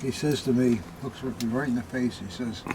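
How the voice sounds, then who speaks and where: A man's voice: mid-range voice, steady tone, fairly quick, noisy background. A man hosting a collectors' show, chatting and telling stories in a friendly way. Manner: friendly, storytelling. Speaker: host. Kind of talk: casual chat.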